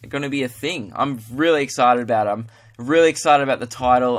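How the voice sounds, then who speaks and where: A man's voice: mid-range voice, fairly bright tone. A young Australian man hosting his comedy podcast, rambling in a casual, self-mocking monologue.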